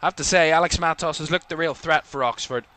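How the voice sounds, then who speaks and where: A man's voice: on the high side, fast talker, pushed and bright. A man with a Northern Irish accent from Belfast, hosting live watchalong commentary in a rambling way, full of fillers. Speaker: host.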